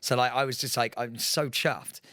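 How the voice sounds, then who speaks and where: Excitable rambling man, dry sound. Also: medium pitch, normal speed, dry recording. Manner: excitable, rambling storyteller with many fillers. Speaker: podcast co-host. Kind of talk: casual chat. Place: podcast studio.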